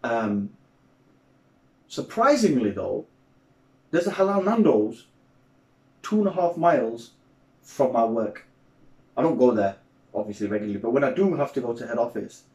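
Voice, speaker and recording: A man co-hosting a podcast, telling stories in a casual, animated way and slipping into other people's voices. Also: medium pitch, moderate pace, pauses often. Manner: animated storyteller, mimics people in quotes. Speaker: podcast co-host. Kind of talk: casual chat. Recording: roomy echo.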